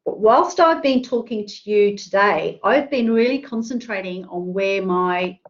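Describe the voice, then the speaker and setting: A woman's voice: medium pitch, a little slow, highs cut off. A woman presenting an online careers workshop, chatty and full of fillers, asking the audience questions. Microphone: video call.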